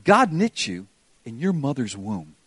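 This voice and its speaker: A man's voice: medium pitch, sing-song, measured pace, a bit bright, slightly rough, dry recording. An older man preaching a sermon as pastor, earnest and pleading, putting questions to his congregation.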